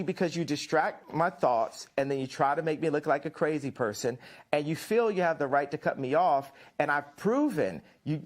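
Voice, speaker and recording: Insistent American man talking over an interviewer. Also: fairly high pitch. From United States. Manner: insistent, rambling, talks over the host. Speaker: interview guest. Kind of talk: combative interview talk.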